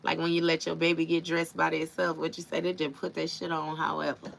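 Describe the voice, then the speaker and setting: A woman's voice: low-pitched, monotone, fairly quick, creaky, fairly bright tone, slight background noise. A woman doing a tarot reading on a live stream, talking casually and with plenty of slang straight to her viewers. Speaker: tarot reader.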